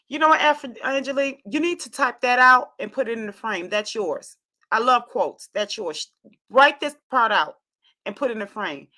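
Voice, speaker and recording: Woman livestream host, affirming and repetitive as she reads out viewer comments. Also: a little high. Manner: warm, affirming, repeats phrases, drawn-out reading of comments. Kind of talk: casual livestream chat.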